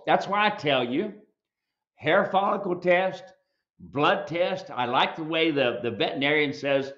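Emphatic, folksy male host lecturing on air, with a slightly high, forceful voice and dull, lo-fi audio. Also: animated, measured pace. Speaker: mule ranch owner and show host. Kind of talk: live video Q&A commentary.

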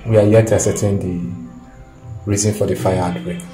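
A man's voice: lowish voice, level tone, a little fast, warm tone, natural voice. An actor playing a man who delivers grave news in stiff, formal wording. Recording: echoey room with film music.

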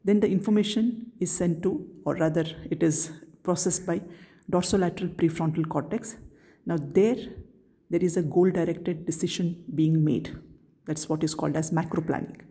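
A woman giving a recorded neuroanatomy lecture, explaining step by step in a measured way and answering her own questions. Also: on the low side, fairly even intonation, dark tone.

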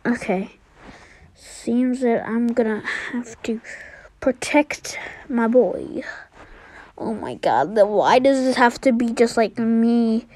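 A young woman giving casual, excitable gameplay commentary, trash-talking and trailing off into mutters. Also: fairly high pitch, unhurried. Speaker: game streamer.

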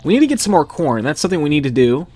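A man's voice: fairly high pitch, very animated, rapid-fire, a little mellow. A man casually commenting as he plays a farming game, reading the characters' lines aloud. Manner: reads in-game dialogue aloud, chatty. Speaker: gaming video host. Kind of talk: casual let's-play commentary. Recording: background game music.

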